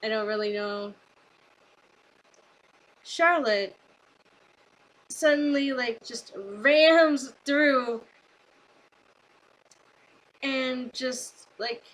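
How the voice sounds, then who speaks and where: A young woman chats through a wrestling event recap in a casual vlog, her bright, slightly high voice tumbling along with filler words. She gushes and rambles as she retells the matches. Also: extremely slow, long pauses, low-quality recording. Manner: gushing, rambling with many fillers. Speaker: wrestling fan vlogger. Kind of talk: casual excited review.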